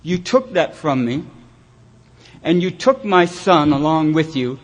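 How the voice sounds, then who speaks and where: A man speaking as a bitter older father, a hunter who answers him with gruff, seething, blunt threats while telling the story. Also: fairly high pitch, expressive, measured pace. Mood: seething anger.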